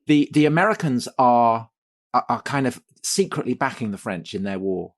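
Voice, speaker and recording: A man co-hosting a history podcast, asking questions in a halting way and repeating words as he thinks. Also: mid-range voice, lively intonation. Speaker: podcast host. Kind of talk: casual podcast discussion.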